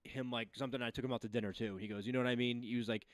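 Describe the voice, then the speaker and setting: Fast-talking rambling man, dry sound. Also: medium pitch, steady tone, no echo. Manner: fast, rambling retelling with many fillers. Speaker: podcast co-host. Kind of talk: casual sports chat.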